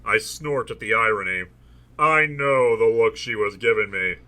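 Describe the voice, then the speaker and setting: Man, comedic book reading, mock-dramatic delivery, quips between passages, very bright tone. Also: on the low side, normal speed. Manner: animated, mock-dramatic reading broken by jokey asides. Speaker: host reading a novel aloud.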